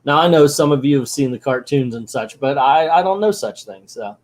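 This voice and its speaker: A man's voice: medium pitch, brisk, a little mellow. A man hosting a comic book channel, reading through a comic and making casual, joking asides. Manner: joking, chatty asides with laughs.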